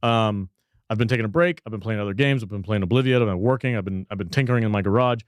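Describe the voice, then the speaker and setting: A man's voice: on the low side, fast, no room sound. A man co-hosting a podcast, chatty and enthusiastic, with casual swearing, on a close mic. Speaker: podcast co-host.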